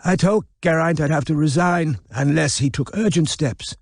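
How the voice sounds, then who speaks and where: A man's voice: a little high, normal speed, darkish tone, dry recording, studio quality, voice pushed up. A man reading an audiobook, voicing a feeble, hard-of-hearing elderly man who speaks hesitantly. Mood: miserable.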